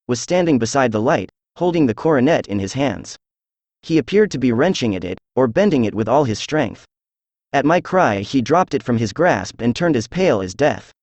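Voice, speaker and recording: A synthesized male voice narrating a classic audiobook in a steady, measured way. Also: medium pitch, dry recording.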